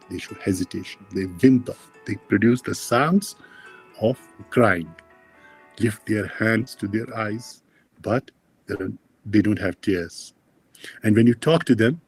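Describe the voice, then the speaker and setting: A man lecturing dental students, explaining plainly with many pauses and fillers and addressing the class directly. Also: fairly low pitch, a little mellow. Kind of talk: university lecture.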